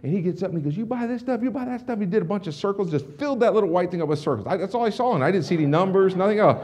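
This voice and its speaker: A rapid-fire, middle-aged male speaker tells a lively keynote story from a conference stage. His tone is dark and mellow. He acts out every bit of dialogue with quick restarts and asides. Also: sits high, slightly rough. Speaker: motivational speaker presenting to a business audience. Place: conference stage before a large audience.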